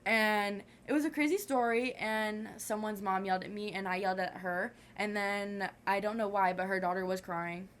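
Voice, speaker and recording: A woman's voice: mid-range voice, steady tone, moderate pace, hardly any pauses, fairly bright tone, slight background noise. A teenage girl, a guest, telling a story in casual, slangy chat and acting out the other people's voices. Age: teens.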